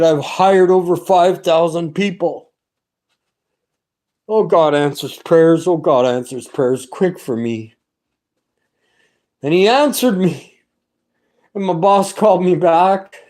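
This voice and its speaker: A man's voice: a little high, darkish tone. A middle-aged man giving a personal religious testimony, talking in an earnest, rambling and fervent way with many restarts.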